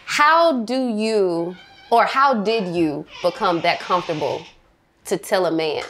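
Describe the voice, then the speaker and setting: A woman's voice: on the low side, unhurried, a bit bright, slight background noise. A woman in a casual group chat, speaking earnestly and stretching key words for emphasis.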